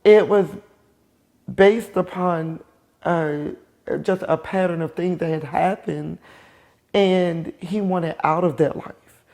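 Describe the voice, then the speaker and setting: A woman's voice: on the low side, a little mellow. Emotional middle-aged woman telling her story. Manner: emotional, halting, with pauses and restarts. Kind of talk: personal testimony.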